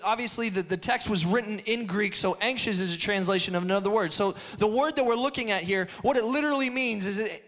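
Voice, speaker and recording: High, bright-voiced man preaching a sermon. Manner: animated storytelling, restarts, shouts in excitement. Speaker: pastor. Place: church hall before a congregation.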